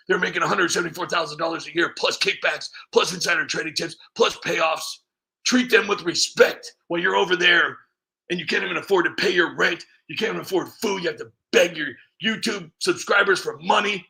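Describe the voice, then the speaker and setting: A man hosting a comedy channel, ranting in sarcastic commentary with stammering restarts and sudden shouted outbursts. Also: high voice, a little fast, vocal fry.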